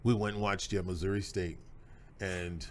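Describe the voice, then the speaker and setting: Deep-voiced middle-aged host. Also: male voice, little pitch movement, normal speed, a little hiss or hum. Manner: folksy, emphatic, proud father telling stories. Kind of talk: podcast conversation with his son.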